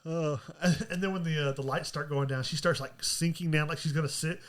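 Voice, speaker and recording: A man co-hosting a casual film podcast who laughs often and retells scenes in an animated way. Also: a little high, fairly quick. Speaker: podcast co-host.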